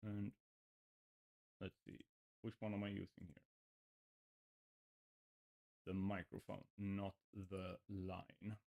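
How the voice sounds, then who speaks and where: During a livestream mic check, a man with a slight lisp mutters while adjusting his settings. His low, mellow, gravelly voice moves slowly with little change in pitch and frequent pauses.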